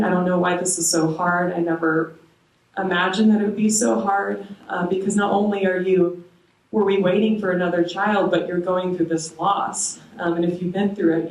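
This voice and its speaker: A young woman sharing a personal faith testimony with a small moms' group, hesitant, with frequent ums and soft laughs. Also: on the low side. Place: church meeting room. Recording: echoey room, voice from far off.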